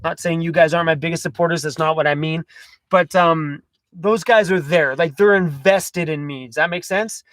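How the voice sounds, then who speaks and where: Canadian guy, livestream host, higher-pitched, rambling and casual, dry close sound. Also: moderate pace, fairly bright tone, dry recording. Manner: chatty, loose, frequent fillers and apologies. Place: inside a camper van.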